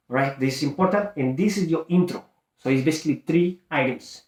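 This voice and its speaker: A man's voice: a little high, normal speed, reverberant. A man coaching real estate wholesalers, teaching a phone script and acting out both sides of the call.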